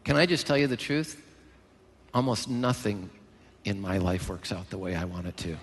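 A male pastor preaching a sermon in church, emphatic and animated, with joking asides. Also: deep voice, normal speed, husky. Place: large church hall. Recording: long hall reverb.

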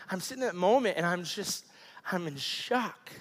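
A man's voice: high voice, expressive, normal speed, a bit bright, slightly rough. A man in his thirties preaching a sermon, telling a personal story and acting out the people in it. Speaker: pastor. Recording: long hall reverb.

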